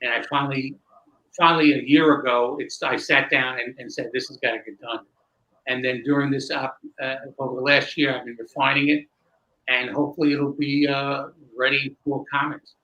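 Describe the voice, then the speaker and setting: A man, a magician guest, telling a long animated story with many restarts in a candid interview. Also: medium pitch, normal speed, highs cut off.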